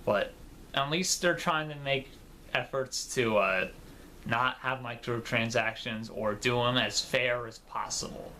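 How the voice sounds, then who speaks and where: Man, gaming vlog commentary; bright, loose, rambling delivery with a faint noise floor. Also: medium pitch, measured pace. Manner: rambling and informal, with fillers and casual swearing. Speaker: gaming video creator.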